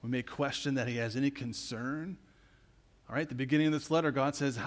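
A man preaching a sermon as pastor, in a conversational way, tagging his points with "right?" and swinging between loud emphatic passages and quiet low asides. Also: steady tone, quick pace. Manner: conversational preaching with frequent "right?" tag questions.

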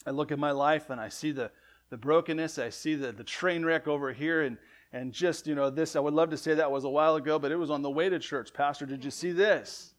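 Male pastor, sermon, fairly high voice, conversational, loud and soft swings. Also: fast talker. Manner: conversational, frequent "right?" asides and self-corrections; lively swings between loud emphatic and soft lines.

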